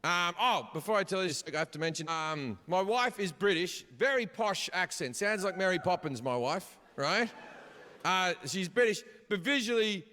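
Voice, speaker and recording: Amid hall reverb and crowd noise, a middle-aged comic performs a stand-up set live, spinning crude, brash stories. He speaks at a normal speed in a high-pitched, sharp voice with lively intonation.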